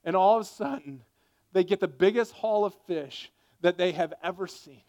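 A man preaching a sermon, impassioned, swinging between loud rising lines and hushed quiet ones. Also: high voice, normal speed. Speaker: pastor.

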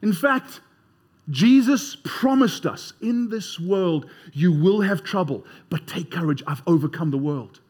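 A man's voice: high-pitched, lively intonation, a little slow, a little mellow, slightly rough. A man preaching a sermon in a conversational way, leading the congregation in call-and-response. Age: 30s or older.

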